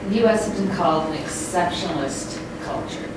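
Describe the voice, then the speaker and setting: A woman's voice: on the low side, brisk. Thoughtful woman asking from afar, very echoey. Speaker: audience member asking a question. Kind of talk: question from the floor. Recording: echoey room, far from the mic, loud noise.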